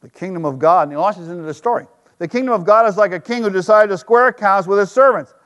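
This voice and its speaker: Male pastor, high voice, storytelling sermon style with emphatic swells and quiet drops, church hall reverb. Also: fast.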